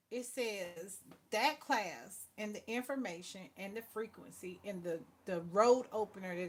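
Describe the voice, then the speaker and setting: A woman's voice: lowish voice, husky. An older woman, rambling through a casual spiritual talk and calling the listener "baby" as she preaches. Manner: rambling, swings from soft to loud. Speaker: spiritual channel host.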